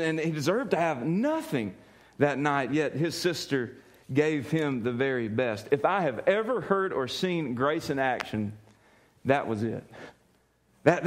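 A man preaching a sermon, telling a story in an animated way, often laughing and repeating words as he goes. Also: a little high. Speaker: pastor.

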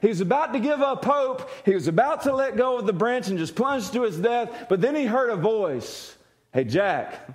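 A man's voice: very high-pitched, expressive, moderate pace, hardly any pauses. A man preaching a sermon, telling a story and acting out the voices in it. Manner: storytelling, acts out voices with laughter. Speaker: pastor.

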